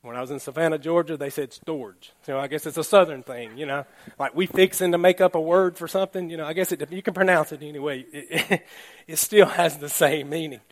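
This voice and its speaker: A man pastor giving a relaxed, conversational sermon, laughing now and then and often checking in with the congregation. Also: on the high side, quick pace. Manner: chatty, laughing, keeps asking "all right?".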